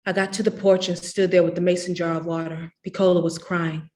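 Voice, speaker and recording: Her voice resting fairly low, this reader gives a novel a measured, expressive reading aloud. The narration between characters' dialogue stays steady, in the manner of a public literary event.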